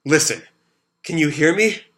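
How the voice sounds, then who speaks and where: A man's voice: on the high side, lively intonation, a little slow, fairly bright tone. A man with a sore throat reading a manga aloud, putting on the voice of a grief-stricken, self-blaming young man who pleads in a strained, raised voice. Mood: despairing. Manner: raises his voice and pleads when reading emotional lines.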